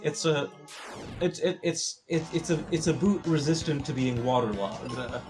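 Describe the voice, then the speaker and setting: A man's voice: a little high, normal speed, music in the background. A man in a casual stream chat, talking in rambling restarts with a wry, joking edge.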